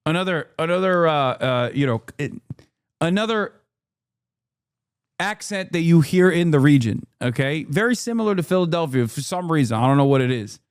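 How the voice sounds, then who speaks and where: A man in his thirties hosting a livestream, giving sarcastic, deadpan mock-serious reaction commentary. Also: on the high side, moderate pace, smooth, no echo, studio quality. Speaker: livestream host reacting to a video.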